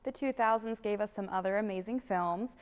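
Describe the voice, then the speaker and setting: A young woman hosting a student video show, bubbly and quick to laugh. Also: mid-range voice, clean tone. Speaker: host. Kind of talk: scripted campus video hosting.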